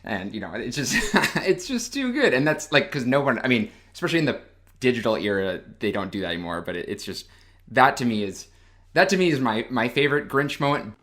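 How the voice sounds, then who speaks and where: Man, mid-pitched, lively intonation, laughs easily. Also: fairly quick. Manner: laughing, animated. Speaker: podcast co-host. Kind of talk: casual chat.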